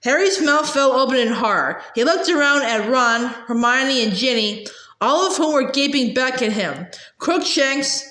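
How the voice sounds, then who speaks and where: A woman's voice: sits high, lively intonation, moderate pace, bright, forceful tone. A woman reading a novel aloud casually, stumbling and restarting now and then, in a roomy echo. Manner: reads with frequent hesitations and restarts. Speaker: reader.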